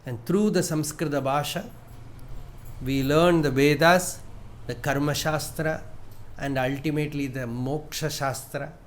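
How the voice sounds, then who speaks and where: Slow, measured spiritual teacher. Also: male voice, on the high side. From India. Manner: measured, repeats phrases, chants verses. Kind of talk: spiritual discourse.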